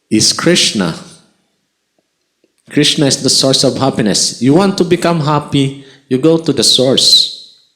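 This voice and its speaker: Slow-speaking man giving a devotional lecture. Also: fairly low pitch, fairly bright tone, poor audio. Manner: slow, repeats for emphasis, mixes in Tagalog phrases. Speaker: spiritual lecturer.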